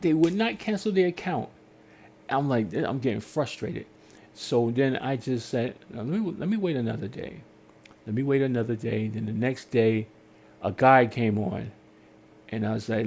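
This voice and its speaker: Speaking at a measured pace in a mid-range voice, a male podcast host rants casually through an animated story. He plays out customer service phone calls, switching between different voices.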